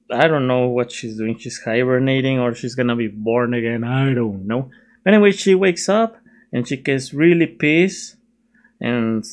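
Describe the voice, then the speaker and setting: A man's voice: medium pitch, gravelly. A young man casually reviewing a film while sketching at his desk, chatty and self-mocking, laughing often. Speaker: video reviewer.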